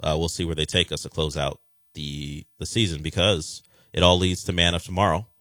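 A man's voice: low-pitched, steady tone, fairly quick, a bit bright, dry recording, studio quality. A man hosting a sports talk radio show, chatting casually and rambling with frequent restarts.

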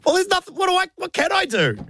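A man's voice: very high voice, fast, no room sound, clean studio sound. A man co-hosting a casual chat show, often mimicking other people as he tells stories. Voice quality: lively, mimics others in quoted voices. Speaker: co-host.

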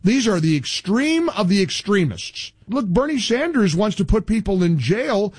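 A man's voice: sits high, moderate pace, breathy edge, no room sound. A middle-aged man hosting a talk radio show, talking emphatically with lots of restarts. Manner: emphatic, animated, frequent restarts. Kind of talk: political talk radio banter.

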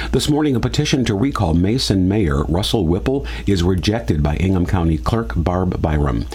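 A man reads the news in a measured, formal way. His voice is very deep and a bit husky. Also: darkish tone. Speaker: news anchor. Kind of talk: radio news read.

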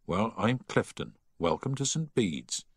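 A man voicing a kind, steady senior schoolboy prefect who speaks gently but firmly. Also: on the low side, a little slow, husky, dry recording, studio quality, full character voice.

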